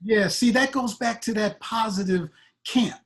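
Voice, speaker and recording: A man hosting a talk show, encouraging his guest with frequent affirmations and relaxed questions. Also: high-pitched, unhurried. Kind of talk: casual interview chat.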